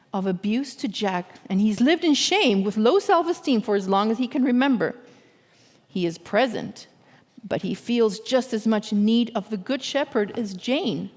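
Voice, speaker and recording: Woman preaching, earnest, slightly high pitched, lots of hall echo around her. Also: a little mellow. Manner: earnest, measured, often checks in with listeners. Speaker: guest speaker. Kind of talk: sermon. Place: church sanctuary.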